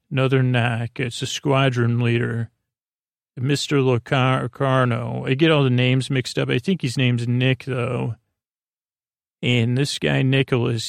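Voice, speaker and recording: A man's voice: mid-range voice, creaky, dry recording, clean studio sound. A man hosting a podcast, loosely retelling a television episode with offhand jokes. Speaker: podcast host recapping an episode. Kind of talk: casual episode recap.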